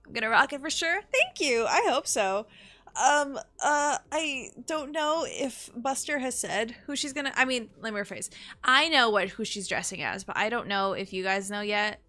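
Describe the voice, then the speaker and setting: A young woman streaming a game, chatting excitably and swearing freely. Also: on the high side, normal speed, faint music behind. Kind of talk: casual live-stream chat.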